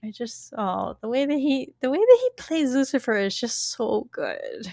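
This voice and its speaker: Woman podcast co-host, high voice, dry close sound, giggly and animated recap chat. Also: moderate pace, creaky, no echo. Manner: giggly, animated, acts out quotes. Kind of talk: casual chat recapping a TV episode.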